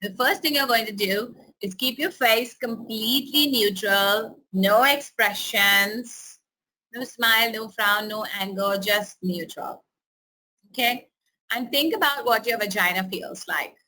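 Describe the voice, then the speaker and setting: A woman teaching a pregnancy webinar, guiding listeners through face and breathing exercises with calm, step-by-step instructions. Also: a little high, measured pace. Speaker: prenatal educator.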